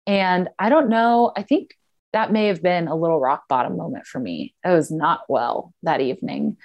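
A woman's voice: lowish voice, lively intonation, normal speed, muffled recording. A young woman chatting casually on a podcast, telling a personal story with a lot of "like" fillers. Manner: candid storytelling, frequent "like" fillers. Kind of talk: casual chat.

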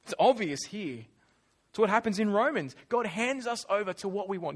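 Male preacher, fairly high voice, animated delivery with acted-out voices. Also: normal speed. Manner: animated, acts out whiny voices, drops to quiet asides. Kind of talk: sermon.

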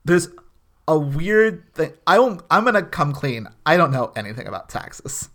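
A man's voice: fairly high pitch, very animated, moderate pace, a bit bright. A man co-hosting a podcast, recapping a TV episode in a rambling, casual way with many restarts. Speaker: podcast co-host. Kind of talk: casual chat.

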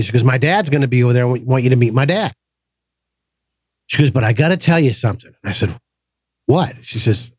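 A man hosting a podcast, telling a personal story in a casual, animated way and acting out the voices of the people in it. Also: mid-range voice, brisk, pauses often, breathy edge, no room sound. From grew up in the projects. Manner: animated storyteller, acts out quoted voices, frequent restarts. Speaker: podcast host.

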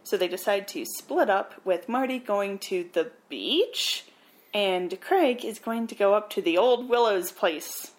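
A woman podcast co-host retelling a film plot in a casual, animated way, with wry asides. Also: mid-range voice, unhurried. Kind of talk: casual movie recap.

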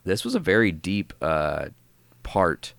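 A man's voice: low-pitched, huge pitch swings, slow pace, gravelly, fairly bright tone, no echo. A man co-hosting a podcast, casually recapping a comic story in a rambling, filler-heavy way. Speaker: podcast co-host.

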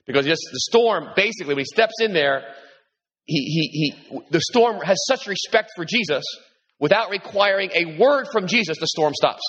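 A man preaching a sermon as pastor, animated and repeating himself, his voice lifting when he quotes Jesus. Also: moderate pace, breathy edge. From New York. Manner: animated, repeats words, rises in pitch when quoting Jesus. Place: large hall with congregation. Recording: echoey hall, dull sound.

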